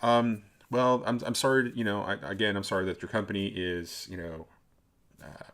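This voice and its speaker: A man voicing a brisk female detective. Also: on the low side, fairly even intonation, a bit bright. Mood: businesslike. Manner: stammering, halting delivery. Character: female lead police detective, brisk and wary. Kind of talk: tabletop role-play.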